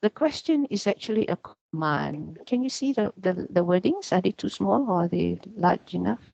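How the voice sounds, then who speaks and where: A woman's voice: on the low side, expressive, normal speed, gravelly, a little mellow, no room sound. A woman teacher giving a casual lecture on Arabic grammar, chatty and full of "yeah" and "you know" fillers. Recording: dull, muffled sound.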